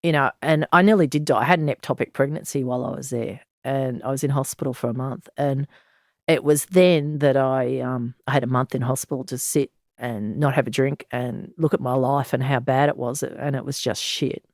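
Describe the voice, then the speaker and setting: Her voice is extremely low, with fairly even intonation and normal speed, recorded at studio quality without echo. She's an Australian former detective in her sixties, an interview guest telling her story frankly and bluntly, earthy, with sighs and laughs.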